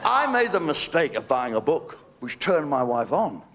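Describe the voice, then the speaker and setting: Male comic, slightly high, cheeky patter, noisy stage recording. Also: big pitch swings, normal speed, a loud crowd. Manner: cheeky storytelling with asides to the audience. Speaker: stand-up comedian. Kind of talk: live stand-up routine. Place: live show venue.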